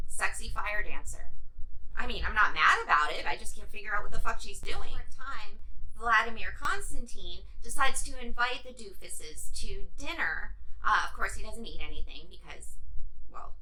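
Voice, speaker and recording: A woman's voice: fairly high pitch, pushed and bright, far from the mic, low-quality recording. A woman reviewing a movie in a casual vlog, sarcastic and irreverent, swearing freely.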